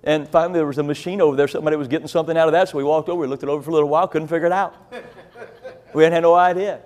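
Folksy high-voiced country preacher. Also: male voice, fairly even intonation, very fast, darkish tone. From rural Illinois, USA. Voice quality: deaf in one ear. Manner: folksy, rambling, self-deprecating. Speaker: pastor. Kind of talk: storytelling sermon.

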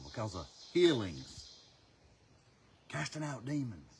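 A man from North Carolina, preaching a passionate sermon as an evangelist. His delivery swings between loud, urgent stretches and hushed ones. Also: fairly low pitch, a little hiss or hum. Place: outdoors.

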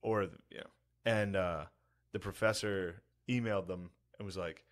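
Low-voiced man in profane banter. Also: steady tone, moderate pace. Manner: loose, profane storytelling with frequent "dude". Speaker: podcast co-host. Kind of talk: casual chat.

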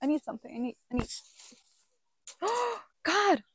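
A woman's voice: sits high, big pitch swings, measured pace, dry recording. A young woman who is not a native English speaker, chatting casually to camera outdoors by a campfire, often exclaiming and repeating words. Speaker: vlogger. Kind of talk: casual vlog talk to camera.

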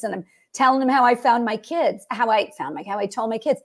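A middle-aged woman with a high voice tells a long, rambling story in casual podcast chat. She slips into the voices of the people she quotes and keeps circling back to her point. Her delivery is loose and conversational, full of asides. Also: very fast, few pauses. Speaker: guest comedian.

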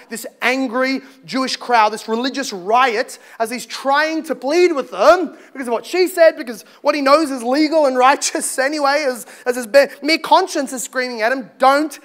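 A male pastor preaching a sermon in an animated way, with humorous asides. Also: extremely high pitch, normal speed, few pauses. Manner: animated, joking asides, acts out quotes.

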